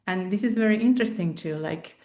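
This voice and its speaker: A woman's voice: medium pitch, fairly quick, a little mellow, echoey room. A woman reflecting somewhat hesitantly during a panel discussion over a video call.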